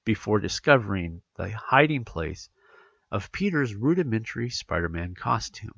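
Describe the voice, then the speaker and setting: A man talks through his podcast in a loose, rambling way, and his voice sounds stuffy and congested. His pitch rises and falls a lot, with a gravelly edge underneath. The sound is dull and lo-fi, recorded dry and close with no room echo. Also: moderate pace. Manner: rambling, animated, self-correcting. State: congested from allergies. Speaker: podcast host. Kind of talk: casual solo podcast chat.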